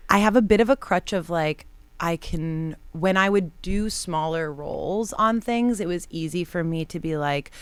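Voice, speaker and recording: A woman guest on a comedy podcast, chatting casually and acting out quoted lines with big swings in pitch and volume. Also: moderate pace, clear, resonant tone, no room sound. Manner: animated storyteller, acts out quotes with big jumps. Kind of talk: casual chat. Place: podcast studio.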